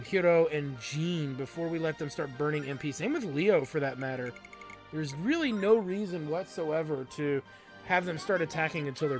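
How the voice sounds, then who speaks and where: A man hosting a let's play, giving casual gameplay commentary with crude jokes and many ums. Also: fairly high pitch.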